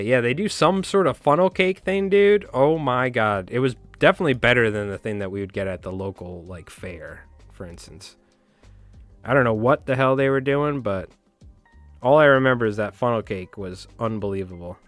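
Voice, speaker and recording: A man's voice: medium pitch, animated, normal speed, no echo, faint music behind. Joking man chatting on a live stream. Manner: joking, rambling, talks back to chat. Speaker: fly tying streamer. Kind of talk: casual live-stream chat.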